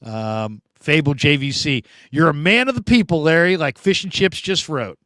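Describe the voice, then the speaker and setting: Talkative male sports host, higher voice, dry close sound, chatty live-stream delivery with big swings between loud and soft. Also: normal speed, no room sound. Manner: animated, talkative, swings between loud bursts and quiet asides. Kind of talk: casual live-stream chat reading comments.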